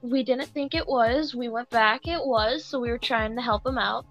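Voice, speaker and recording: A woman's voice: fairly high pitch, normal speed, a bit bright, highs cut off, faint music behind. A young woman who works as a cashier, telling a story in casual chat, acting out customers and laughing along.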